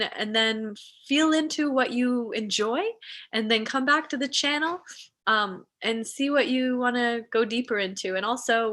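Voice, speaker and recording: Woman, spiritual host, live stream, soft devotional blessings, bright tone, fairly high voice. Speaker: spiritual teacher and ceremony host. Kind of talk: live-streamed meditation ceremony.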